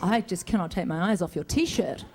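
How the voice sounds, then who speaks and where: A woman's voice: fairly low pitch, lively intonation, moderate pace, darkish tone, slight background noise. A middle-aged woman answering fan questions on a convention stage in a chatty, rambling way, laughing often. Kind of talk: casual stage Q&A. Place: convention stage before an audience.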